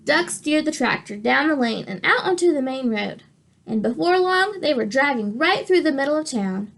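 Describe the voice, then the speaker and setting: A woman reading a children's picture book aloud, with expressive, animated storytelling. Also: sits high, moderate pace, gravelly. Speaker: storybook reader.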